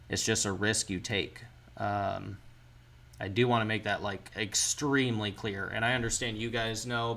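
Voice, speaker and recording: A man's voice: fairly low pitch, pushed and bright. A man hosting a casual livestream chat, telling candid stories and swearing freely as he answers viewers. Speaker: livestream host.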